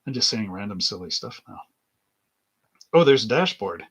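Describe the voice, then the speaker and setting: Husky-voiced middle-aged man chatting casually. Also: lowish voice, expressive, moderate pace. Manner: chuckles often, meandering anecdotes. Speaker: livestream host building model kits. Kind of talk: rambling casual chat while working.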